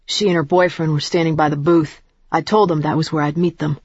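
A woman's voice: sits low, fairly even intonation, fairly quick, a little mellow, breathy edge, no echo, dull audio. A woman reading as a sullen male club dancer. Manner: sullen, curt.

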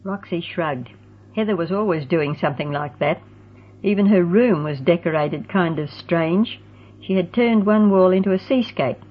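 Woman, storybook narrator, steady even reading, breathy voice, tinny phone-like audio. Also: fairly low pitch, moderate pace.

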